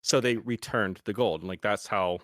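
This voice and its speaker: A man's voice: on the low side, moderate pace, a bit bright, no echo, clean studio sound. A young man hosting a podcast, explaining in a casual, rambling way with frequent restarts. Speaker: podcast host.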